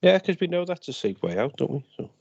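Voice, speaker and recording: A man's voice: on the high side, very animated, quick pace, creaky, darkish tone, breathy edge, no echo, highs cut off. A man playing in a tabletop game, casually describing what his character does. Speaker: player.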